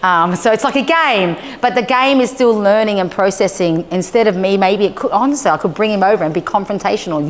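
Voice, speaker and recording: A woman giving a live talk to homeschool families, a lively storyteller who acts out conversations and checks in with her listeners. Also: mid-range voice, fairly quick, hardly any pauses. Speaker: presenter. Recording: long hall reverb with faint noise.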